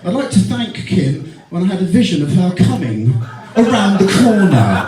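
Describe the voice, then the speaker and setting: A man's voice: high voice, very animated, normal speed. A middle-aged man giving a teasing, heartfelt best man speech at a wedding reception. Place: wedding reception hall with guests. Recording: echoey hall from far off, crowd.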